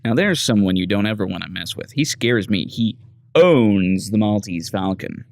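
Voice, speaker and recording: A man's voice: lowish voice, lively intonation, fairly quick, vocal fry, no room sound. A man doing a gossipy gun-shop woman. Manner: earnest, gossipy storytelling of game dialogue. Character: chatty female weapon-shop owner, gossipy and wary.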